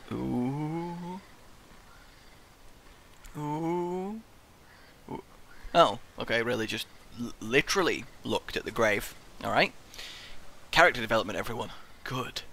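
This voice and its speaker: Animated young man gaming. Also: on the low side, gravelly, slight background noise. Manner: excitable, playful, talks to the game character. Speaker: gaming video host. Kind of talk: let's play commentary.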